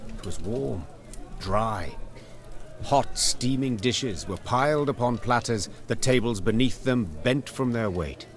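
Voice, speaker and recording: A man narrating a fantasy game story in a measured, storybook style. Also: medium pitch. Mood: storytelling.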